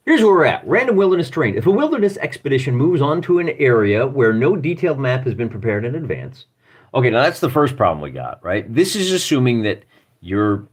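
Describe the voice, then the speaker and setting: Rambling Midwestern man with a lively voice. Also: on the low side. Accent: Midwestern American. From Michigan. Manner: rambling, self-deprecating, thinks aloud while searching pages. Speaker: livestream host. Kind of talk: live-streamed rulebook walkthrough.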